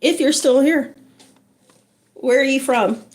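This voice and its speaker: A woman's voice: high voice, slow pace, a little mellow. A woman hosting a casual livestream, chatting with viewers in an encouraging, chatty way and greeting them by name. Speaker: livestream host.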